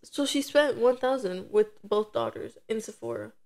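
A young woman in her twenties chats on a podcast, and her voice sits a little high. She tells her story with energy and acts out what each person said in quick quoted voices. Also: darkish tone. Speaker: podcast co-host. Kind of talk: casual chat.

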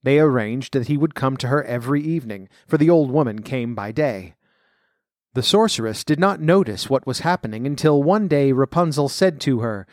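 A man reading a fairy tale aloud in a measured, even way, then talking about where the story came from. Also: mid-range voice, dry recording, studio quality. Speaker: storyteller and folklore commentator.

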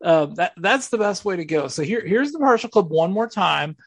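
Gravelly man explaining audio clips. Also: high-pitched, animated, normal speed, no echo. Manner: mock-serious, walks through audio clips. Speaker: podcast host. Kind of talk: casual radio chat.

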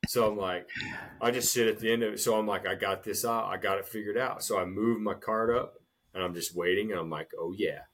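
Low husky guy on a podcast, tells stories loud and big, jumps up high acting stuff out. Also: fairly quick. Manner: animated storyteller, swings loud and high acting out scenes, says "dude" a lot. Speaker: podcast co-host. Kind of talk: casual storytelling chat.

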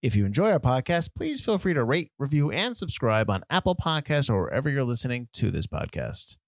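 A man's voice: mid-range voice, big pitch swings, no echo, studio quality. A man co-hosting a film podcast in casual chat, playful and joking. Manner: joking, playful, quick asides. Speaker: podcast co-host.

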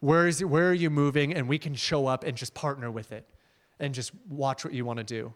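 A young man giving an energetic, conversational sermon as a missionary speaker, telling stories with slides and laughing often. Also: mid-range voice, fairly quick.

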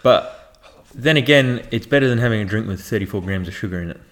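A man's voice: lowish voice, expressive, quick pace, fairly bright tone. A young man chatting casually as a podcast co-host, rambling and leaning on filler words. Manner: rambling, leans on "like". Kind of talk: casual chat.

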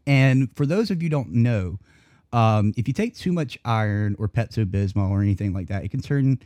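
Male co-host, animated profane storyteller, mid pitch, dry close mic. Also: no echo. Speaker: podcast co-host. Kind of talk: casual chat storytelling.

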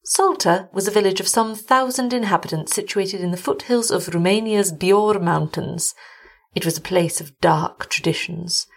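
A woman hosting a story show, reading a gothic tale aloud in a measured, deliberate narration. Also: mid-range voice, creaky. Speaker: host and story reader.

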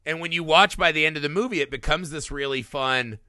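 A man co-hosting a casual film podcast, animated, acting out movie lines as he talks. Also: a little high, quick pace, no echo, clean studio sound. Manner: animated, quotes movie lines in put-on voices. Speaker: podcast co-host.

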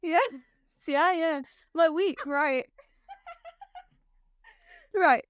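A woman's voice: high voice, lively intonation, drawn-out words, long pauses, dry recording, studio quality. A young woman, co-hosting a casual podcast and telling a story with lots of giggles. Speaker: podcast co-host.

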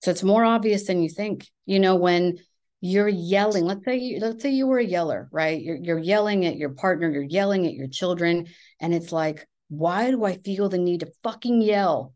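A woman's voice: fairly low pitch, normal speed, a little mellow. A woman therapist in her thirties or forties giving candid, emphatic advice in casual conversation, swearing freely. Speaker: therapist, podcast guest.

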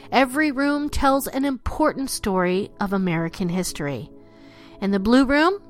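Lively, dramatic woman storyteller. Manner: expressive, drops low and slows for spooky lines. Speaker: narrator.

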